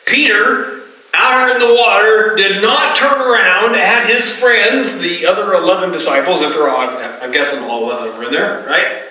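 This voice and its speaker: A man's voice: high-pitched, normal speed, bright, forceful tone. A middle-aged man preaching a sermon as pastor of a church, in a conversational way, often asking the congregation "right?". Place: church sanctuary. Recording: roomy hall, distant mic.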